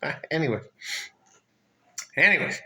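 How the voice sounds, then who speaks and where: A man's voice: a little high, animated, a little slow, sharp tone. An older man telling a rambling, profane story in a casual rant, often trailing off and circling back. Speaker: vlogger.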